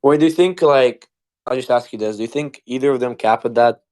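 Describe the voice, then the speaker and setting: A man's voice: medium pitch, a little fast, darkish tone. A young man in a heated casual online debate, rambling with lots of fillers and swearing.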